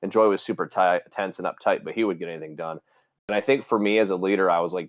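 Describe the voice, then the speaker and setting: A man's voice: low voice, fast, lo-fi sound. A man hosting a podcast, telling army stories in casual, profane chat and acting out the people he quotes. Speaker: podcast host, army veteran.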